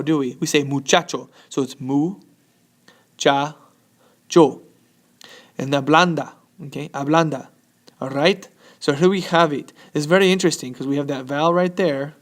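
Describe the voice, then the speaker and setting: A man teaching a Spanish lesson from slides, upbeat and chatty, often checking in with "okay?". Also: on the high side.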